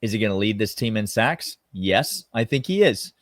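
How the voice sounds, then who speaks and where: Male podcast co-host, emphatic and lively, dry close sound. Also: lowish voice, normal speed, dry recording. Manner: emphatic, animated, drawls "y'all". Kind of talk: casual sports talk.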